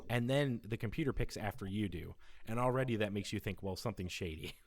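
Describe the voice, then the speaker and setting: A man's voice: lowish voice, fast talker. A man co-hosting a gaming podcast in casual chat, joking and laughing as he talks. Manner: joking, acts out quoted lines with laughs. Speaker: podcast co-host.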